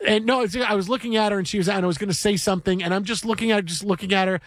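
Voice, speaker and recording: A man with a notably high voice hosts a casual sports talk show. He rambles through stories with a lot of animation, and the sound is close and dry, with no room in it. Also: steady tone, very fast, a bit bright, dry recording. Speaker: sports radio host.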